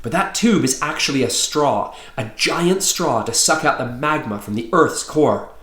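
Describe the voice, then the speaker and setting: A man's voice: mid-range voice, animated, normal speed, fairly bright tone, reverberant, natural voice. A man reading aloud voices a frantic, earnest teenage boy, talking in urgent, breathless bursts.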